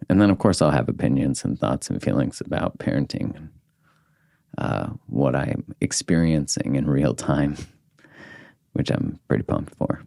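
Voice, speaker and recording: A man's voice: a bass voice, vocal fry, warm tone, no echo, clean studio sound. A man hosting a podcast, talking candidly and reflectively in casual conversation, swearing now and then. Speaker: podcast host.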